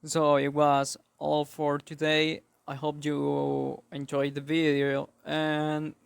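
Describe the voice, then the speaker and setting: A young man hosting an English-learning channel, explaining a lesson carefully and deliberately, with small restarts. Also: a little high, monotone, vocal fry, clear, resonant tone. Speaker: English teacher, channel host.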